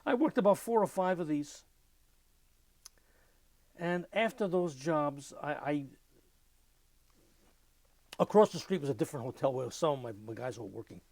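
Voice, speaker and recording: An older man, telling lively anecdotes in an oral history interview and mimicking sounds as he goes. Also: a little high, measured pace, pauses often, no room sound. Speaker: interviewee, musician.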